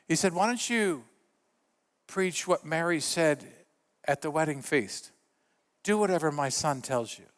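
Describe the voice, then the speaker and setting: A middle-aged male pastor preaching a sermon in a church, telling stories with lively voice shifts for the quotes. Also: sits high, clean tone, long reverb tail. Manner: animated storyteller, acts out quotes with voice shifts. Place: church sanctuary.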